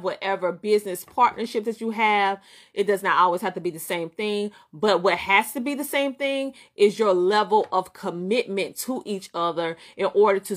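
A middle-aged woman with a Southern twang coaches her live-stream viewers in a preachy, emphatic way, driving her points home by repeating them. She has a medium-pitched voice and laughs easily between points. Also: fairly bright tone. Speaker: business coach and show host. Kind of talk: live-stream motivational talk.

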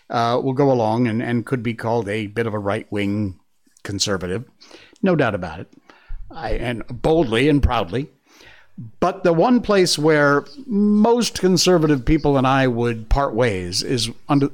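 A middle-aged man hosting an online news commentary show, emphatic and sarcastic, often laughing at the news he covers. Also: mid-range voice. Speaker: host. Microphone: studio mic with earpieces.

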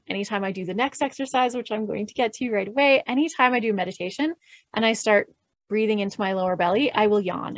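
A woman calmly explaining breathing mantras in an interview, gentle and measured, with light laughs. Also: mid-range voice, dry recording. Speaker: podcast host and guest expert. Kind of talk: calm instructional explanation.

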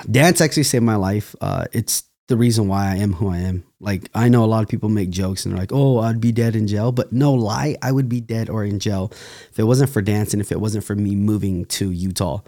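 Dark in tone and fairly quick, the low voice belongs to a young man from California who dances. As a guest on a podcast, he rambles through stories in a casual interview, repeatedly laughing and beginning again.

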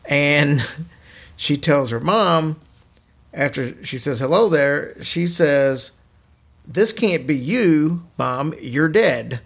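Male podcast host, gravelly and casual, narrating creepy tales. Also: on the high side, expressive, drawn-out words, a bit bright. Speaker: podcast host telling ghost stories. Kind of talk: casual storytelling chat.

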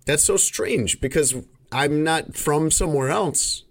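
A man's voice: fairly high pitch, a little slow. A man from Chicago hosting a podcast, telling long stories in casual chat and often stopping to correct himself. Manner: rambling, self-correcting storyteller. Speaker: podcast host.

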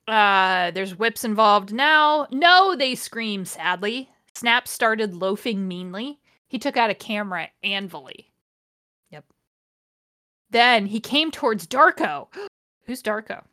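A woman hosts a podcast and reads a fanfiction aloud, stopping often to mock it. Her voice sits a little high and sounds very bright. She is dry and sardonic, groaning at the worst parts. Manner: sardonic, groaning and laughing at the text. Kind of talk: casual comedic read-along.

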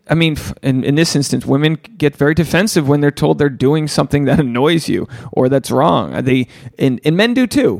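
A man hosting a podcast, giving casual advice and answering listener emails in an animated way, swearing freely and acting out the voices he quotes. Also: mid-range voice, creaky, no echo, clean studio sound. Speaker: podcast host.

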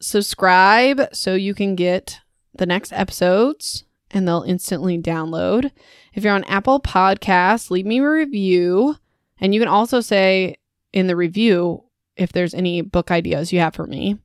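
A young woman hosts a casual book podcast, chattering and poking fun at her own stumbles. Her voice sits at an ordinary middle pitch. The home microphone sounds close and dry, with no room echo. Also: unhurried, smooth. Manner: chatty, self-mocking, laughs at her own slips. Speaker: podcast host.

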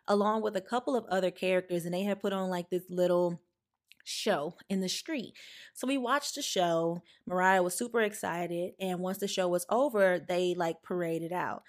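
A young adult woman hosting a podcast, telling a personal story with emphatic, animated delivery. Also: on the low side. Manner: animated, emphatic, acts out quoted lines. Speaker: podcast host.

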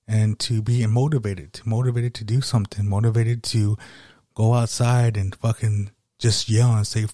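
A man's voice: mid-range voice, mellow, dry recording, clean studio sound. A man hosting a solo motivational podcast, rambling and swearing casually as he talks. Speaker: podcast host.

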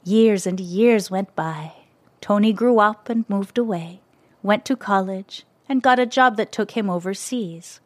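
A woman narrating a children's story in a gentle, expressive way, close to the mic. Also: mid-range voice, a little slow, no room sound.

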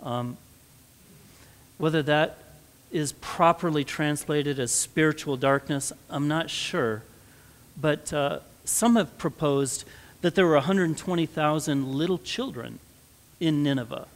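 Slow-speaking pastor in a reverberant church. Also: male voice, fairly high pitch. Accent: American Midwest. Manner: conversational, building to emphatic stresses. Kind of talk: sermon. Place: church sanctuary.

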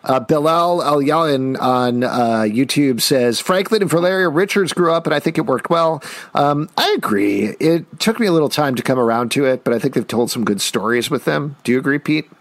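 Animated man with a lively voice. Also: medium pitch, normal speed, no room sound. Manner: animated, ranting, laughs and puts on silly voices. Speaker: podcast co-host. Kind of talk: casual chat.

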